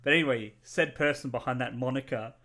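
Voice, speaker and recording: A man co-hosting a casual livestream, joking and rambling. He corrects himself mid-sentence and talks with a lively, bouncing pitch. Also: brisk. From Australia. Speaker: stream co-host.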